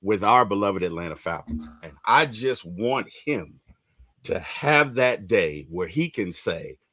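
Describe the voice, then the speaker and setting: A man's voice: lowish voice, measured pace, no room sound, studio quality. A man hosting a casual sports fan livestream, talking with rising emotion about his team. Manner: emotional, voice swelling when excited. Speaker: podcast host.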